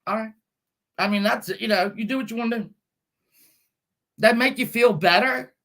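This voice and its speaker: A woman ranting angrily on a live stream from her car, scolding and swearing, with bursts of shouting. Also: fairly high pitch, moderate pace. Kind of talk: angry live-stream rant.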